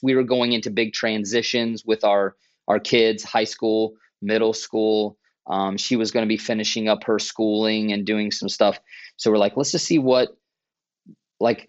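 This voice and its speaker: Low-voiced man telling his story earnestly. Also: no echo. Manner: earnest, animated storytelling with many restarts. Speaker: church planter guest. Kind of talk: conversational interview storytelling. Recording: muffled, dry podcast audio.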